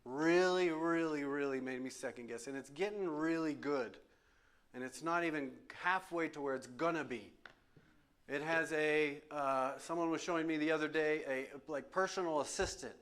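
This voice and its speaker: Male pastor, slightly high voice, emphatic and repetitive, preaching a Q&A session in church. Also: normal speed, fairly bright tone. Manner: emphatic, repeats phrases for stress. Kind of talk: sermon question and answer session. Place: church sanctuary.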